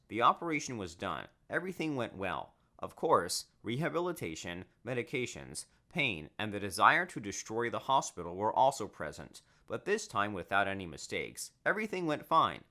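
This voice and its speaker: Guy narrating an animated story, pretty low voice but bright and sharp, goes up and down a lot. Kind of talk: scripted first-person narration.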